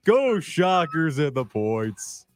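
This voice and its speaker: A sly male sports-betting pundit, put on by a man mimicking his co-host. He talks slowly with a lively, swooping pitch and keeps repeating himself. His voice sits a bit high and the sound is dry and close. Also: dry recording, soft background music.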